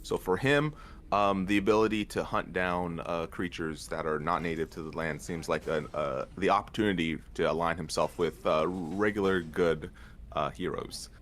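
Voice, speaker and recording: A man describing his tabletop character in a measured way, with many fillers. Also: deep voice, a bit bright. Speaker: podcast player. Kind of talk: casual chat about a tabletop game.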